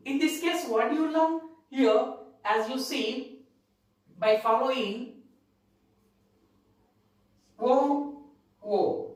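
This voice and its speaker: A woman's voice: high voice, a little mellow. A woman with an Indian English accent teaching English grammar, repeating each word and spelling it out letter by letter. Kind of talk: spelling out plural forms in a lesson. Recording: very echoey room, distant from the mic.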